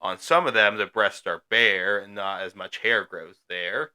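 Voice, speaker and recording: A man's voice: fairly low pitch, unhurried, sharp tone, clean tone. A man co-hosting a podcast in casual chat, rambling with many fillers and restarts. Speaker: podcast co-host.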